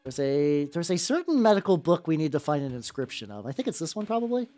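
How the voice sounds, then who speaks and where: A woman streaming a video game playthrough, talking excitedly, swearing freely, and rambling in asides. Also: low-pitched, fast talker, faint music behind. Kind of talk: live gameplay commentary.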